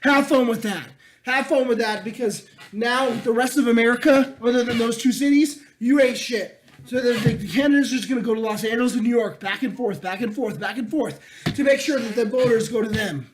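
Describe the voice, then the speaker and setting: Male podcast co-host, very high voice, loud profane ranter. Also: brisk, slight background noise, low-quality recording. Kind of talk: casual chat.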